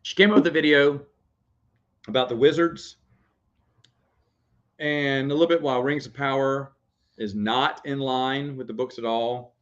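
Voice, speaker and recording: A young man rambles through a casual chat at a middle pitch, laughing easily and often wandering off his point to talk to his baby son. The sound is dull and lo-fi, as if from a cheap home setup. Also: steady tone, unhurried, long pauses. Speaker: vlogger.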